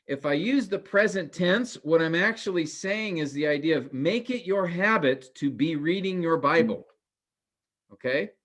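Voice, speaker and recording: A man teaching a Greek grammar class online, asking questions and explaining with many pauses. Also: a little high, expressive, a bit bright.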